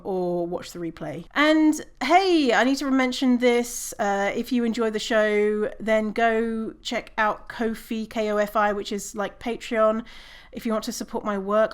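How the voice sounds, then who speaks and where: A woman hosting her own podcast, talking casually on her own, swearing and laughing at herself. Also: fairly high pitch. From British Columbia, Canada. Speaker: podcast host. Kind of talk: casual solo podcast talk.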